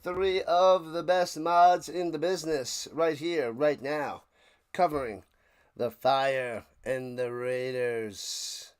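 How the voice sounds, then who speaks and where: Unhurried man calling a game live. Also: fairly high pitch, fairly even intonation, smooth. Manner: rambling chatter with sudden shouted play calls. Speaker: watch-along streamer. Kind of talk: live watch-along play-by-play commentary.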